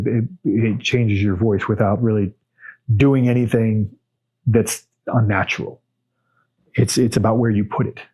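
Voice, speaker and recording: Middle-aged male podcast host, lowish voice, blunt, unhurried and off the cuff. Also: a little mellow, slightly rough. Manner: plain, blunt and unhurried, with many fillers and restarts. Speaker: podcast host answering viewer questions. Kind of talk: casual solo Q&A monologue.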